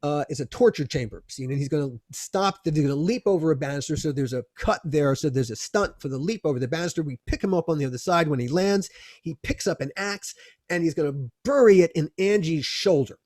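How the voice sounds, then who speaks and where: A man, a film producer guest, telling a lively anecdote in an expressive way and often restarting his phrases. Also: fairly high pitch, fairly quick, dry recording, studio quality.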